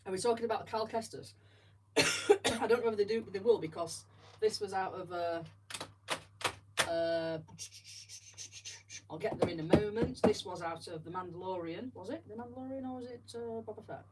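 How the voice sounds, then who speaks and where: A woman's voice: mid-range voice, normal speed, pauses often. A woman chatting in a rambling, self-deprecating way while she builds, talking to viewers. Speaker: livestream host building Lego. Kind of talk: casual chat while building. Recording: distant mic with faint background noise.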